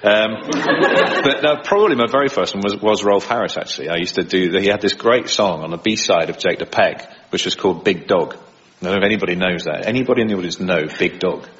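Male impressionist guest, low voice, chatty with frequent laughs, muffled studio radio sound. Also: fast, a bit bright. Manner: chatty, laughs often while talking. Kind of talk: conversational interview.

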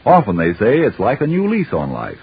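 Emphatic old-time radio ad announcer. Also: male voice, mid-range voice, huge pitch swings, fairly quick, breathy edge. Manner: emphatic, sing-song salesmanship. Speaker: commercial announcer. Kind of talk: 1930s radio commercial. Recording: tinny old radio broadcast.

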